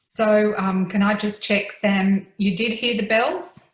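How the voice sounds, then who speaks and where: A woman's voice: mid-range voice, fairly even intonation, slow. A woman moderates a candidates forum over a video call, friendly and a little flustered as she checks timing. Her voice carries a roomy echo. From Australia. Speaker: forum facilitator. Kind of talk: meeting moderation.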